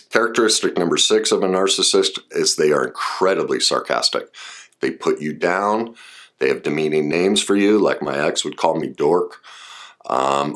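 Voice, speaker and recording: A man's voice: low-pitched, fairly bright tone. A man explaining relationship warning signs in a casual, personal way, full of asides and restarts. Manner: conversational, personal asides, frequent fillers and restarts. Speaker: relationship and trauma speaker. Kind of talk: casual explanatory talk to camera.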